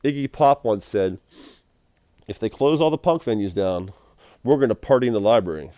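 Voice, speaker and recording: A man's voice: on the low side, expressive, normal speed, warm tone, no echo. A man rambling casually to camera as a vlogger, laughing often and calling the listener dude and man.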